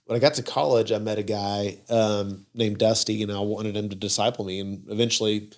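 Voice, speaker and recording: A man's voice: fairly low pitch, flat delivery, brisk. A man hosting a casual church podcast conversation, telling a personal story and acting out what others said. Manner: storytelling, acting out quoted speakers.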